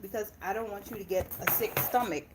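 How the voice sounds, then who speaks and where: A woman's voice: medium pitch, fast, noisy background. A young woman from Indiana chatting casually on a livestream, laughing often and breaking off to talk to her kids. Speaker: personal finance channel host.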